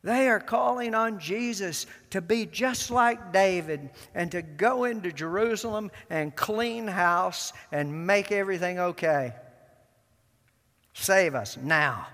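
A man preaching a sermon to his congregation, deliberate and emphatic, repeating key words with long pauses. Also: sits high, fairly bright tone. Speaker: pastor. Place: church sanctuary. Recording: long reverb of a large church.

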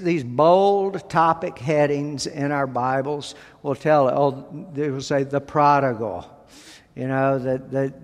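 A man preaching a sermon as pastor, speaking deliberately and with emphasis, pausing between phrases. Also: on the high side, big-room sound.

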